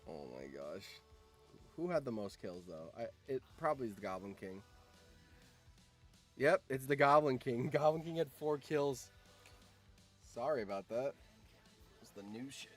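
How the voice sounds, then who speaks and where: A man's voice: medium pitch, expressive, moderate pace, pauses often, soft background music. A man streaming and commenting on a game, reading out results, laughing often and swearing.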